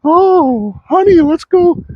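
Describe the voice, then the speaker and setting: A man putting on a high, breathless, mocking falsetto to play a starstruck buyer gushing over scrap wood. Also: lively intonation, takes it slowly, highs cut off, a little hiss or hum, exaggerated voice.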